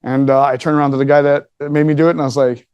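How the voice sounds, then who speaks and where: A man tells a story to a live audience in a loose, joking way. He swears freely and keeps bantering with the listeners. His voice sits a bit high for a man, and the sound is close and dry. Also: flat delivery, rapid-fire, clear, resonant tone, no echo, highs cut off. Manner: joking, profane, chatty with the audience. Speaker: speaker telling a story to a live room. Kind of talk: casual storytelling talk.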